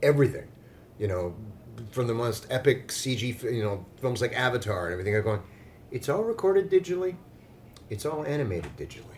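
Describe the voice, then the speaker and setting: A man from Australia, a voice actor being interviewed at a fan convention, telling stories in a playful, joking way with deadpan dark humor. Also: mid-range voice, fast talker, slight background noise. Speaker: voice actor guest.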